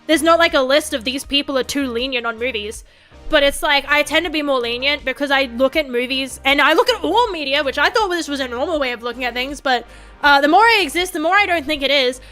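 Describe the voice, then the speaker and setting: Chatty woman vtuber, high sparkly voice, rambles w lots of likes and restarts. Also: brisk, bright, forceful tone, soft background music. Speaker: VTuber streamer. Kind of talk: casual stream chat.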